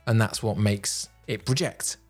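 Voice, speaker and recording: Man giving calm, projected speaking tips. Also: fairly low pitch, breathy edge, soft background music. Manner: projected, deliberate delivery with pauses. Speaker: public speaking coach. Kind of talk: instructional talk to camera. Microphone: headphones and a normal microphone.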